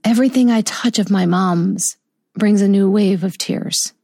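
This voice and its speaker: A middle-aged woman speaking softly and slowly about a personal loss in a heartfelt, reflective monologue. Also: medium pitch, vocal fry, no echo, clean studio sound. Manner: soft, slow and heartfelt, with tender pauses. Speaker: vlogger sharing a personal story.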